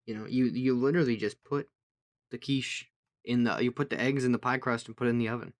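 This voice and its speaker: A man's voice: medium pitch, steady tone, fast talker. A young man co-hosting a casual podcast chat, rambling and laughing at his own jokes. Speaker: podcast co-host.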